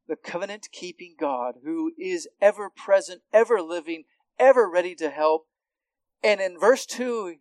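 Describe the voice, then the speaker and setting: A man teaches through scripture with a slightly raised pitch. He talks loosely, restarting phrases and checking in with "right?" The sound is dry and close, with no room echo. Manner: conversational, with frequent restarts and tag questions. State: hard of hearing. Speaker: Bible teacher. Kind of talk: expository Bible teaching.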